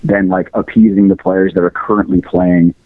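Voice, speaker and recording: A man's voice: sits low, little pitch movement, moderate pace, no room sound. A man calling in to a podcast, chatting casually and laid-back. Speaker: caller. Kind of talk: casual chat on a phone call. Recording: dry tinny phone line.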